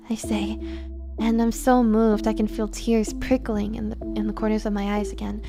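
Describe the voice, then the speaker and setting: A woman's voice: medium pitch, level tone, normal speed, creaky, over music. A young woman streamer reading a visual novel aloud, narrating expressively with dry asides.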